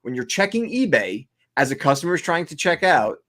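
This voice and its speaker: A man's voice: a little high, very animated, brisk, a bit bright. Profane ranting man co-hosting. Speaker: co-host. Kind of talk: casual podcast chat.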